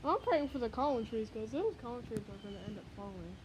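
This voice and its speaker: A woman's voice: a little high, lively intonation, fast talker, noisy background. A woman filming a windstorm on her phone outdoors, giving breathless, exclamation-filled live commentary. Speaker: storm vlogger. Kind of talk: excited live storm commentary. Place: outdoors by a house, then a garage, in a windstorm. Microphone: handheld phone.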